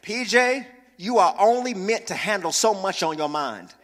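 Pastor, male, high bright voice, playful preaching, long church-hall reverb. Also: moderate pace. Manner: lively preaching with humor, calls for congregation responses. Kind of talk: sermon. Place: church sanctuary.

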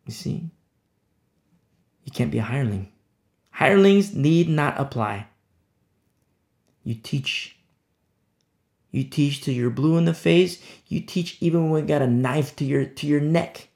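Male pastor, gravelly and a touch high-pitched, impassioned sermon delivery with repetition and swings in volume. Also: expressive, a little slow, pauses often. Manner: impassioned, repeats words for emphasis, swings between loud and hushed. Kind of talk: expository sermon.

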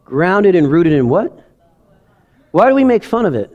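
A man preaches in a church sanctuary, his slightly high voice moving between chatty confession and fervent emphasis. He sounds like a middle-aged pastor, personal and emotional, leaning into repeated lines. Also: sing-song, a little slow, muffled recording. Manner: conversational, emotional, swings from quiet to loud emphasis. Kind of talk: sermon.

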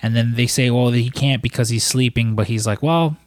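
A man's voice: mid-range voice, flat delivery, a little fast, no room sound, studio quality. A man recapping a film in casual, rambling talk, full of fillers and swearing. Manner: rambling, profane, lots of fillers. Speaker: podcast co-host.

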